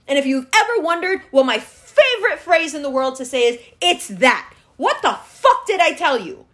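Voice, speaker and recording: A woman's voice: high voice, a bit bright. A woman hosting a solo podcast, ranting in a heated, sarcastic and profane way. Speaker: podcast host.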